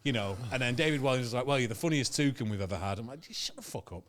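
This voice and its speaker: A man, a comedian guest, telling a comic story in an animated, sweary way and laughing through it. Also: mid-range voice, racing, slight background noise.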